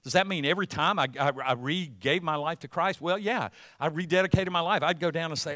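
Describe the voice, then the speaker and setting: A man preaching a sermon as pastor, conversational at first, then building to loud, emphatic passages. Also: high-pitched, expressive, a little fast, hardly any pauses, no room sound, clean studio sound.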